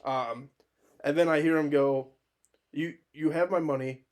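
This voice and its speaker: Animated, profane male podcast storyteller. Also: fairly high pitch, unhurried. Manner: animated, profane anecdote-telling with laughs. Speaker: podcast co-host. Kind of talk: casual storytelling chat.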